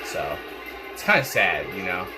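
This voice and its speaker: Brief: congested young male gaming host, low-ish voice, rambling casual commentary full of fillers, game music clearly audible behind. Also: very animated, unhurried. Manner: rambling, repeats words, many fillers.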